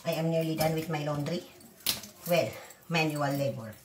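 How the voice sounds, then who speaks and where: Woman vlogger, blunt and defiant, low voice, recorded from across a noisy, echoey kitchen. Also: fairly even intonation, moderate pace. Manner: blunt, swearing, defiant rants between chores. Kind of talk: casual cooking vlog rant. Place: home kitchen, echoey room, away from the mic. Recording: echoey room, far from mic, loud background noise. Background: kitchen clatter of pots and dishes.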